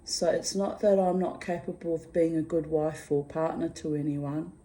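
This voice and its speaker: A woman's voice: deep voice, fairly even intonation, moderate pace, mellow. A woman talking candidly in a casual video diary, rambling and muttering asides to herself. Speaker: vlogger.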